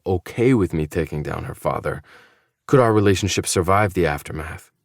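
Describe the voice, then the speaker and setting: A man narrating a first-person novel in an audiobook, with a measured, low-key, intimate reading. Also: no echo, clean studio sound.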